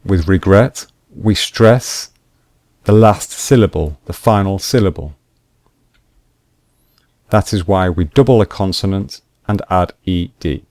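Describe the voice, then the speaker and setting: A man teaching English grammar rules slowly and deliberately, repeating each point with examples. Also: low voice, a little mellow, no room sound, studio quality. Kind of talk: slow explanatory grammar lesson.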